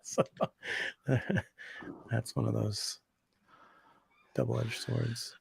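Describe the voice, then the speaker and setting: A man's voice: medium pitch, steady tone, drawn-out words, gravelly, darkish tone, breathy edge, dry recording, clean studio sound. A man in his thirties co-hosting a casual livestream chat, enthusiastic and rambling, full of slang and fillers. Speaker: co-host.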